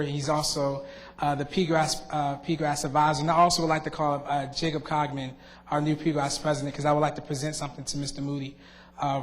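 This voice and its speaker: A young man, the outgoing student board member, gives a halting farewell speech at a board meeting, full of fillers and restarts. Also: a little high. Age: young adult. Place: school board meeting room. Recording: long reverb in a meeting hall.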